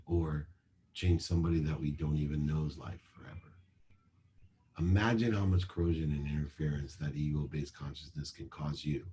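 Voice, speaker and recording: A man with a very low voice speaks over a video call, giving a motivational talk in a measured, emphatic way. He moves through his points one at a time, like items on a list. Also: dark tone.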